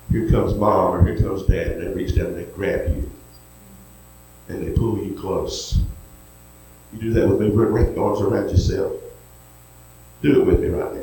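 A man with a drawl delivers a sermon in a low voice. He tells stories in a folksy way and then pleads gently. The sound rings through a big, echoey hall with a faint hum of noise behind it. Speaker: preacher.

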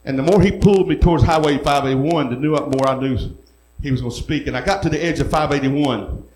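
A man's voice: fairly high pitch, a little fast, darkish tone, slight background noise. A man preaching, telling his own testimony in an earnest, folksy way with rural speech. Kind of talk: sermon testimony. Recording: echoey room.

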